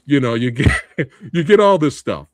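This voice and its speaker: A man's voice: medium pitch, expressive, moderate pace, no echo, studio quality. A middle-aged man co-hosting a casual movie debate, laughing often and quoting lines. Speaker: podcast co-host.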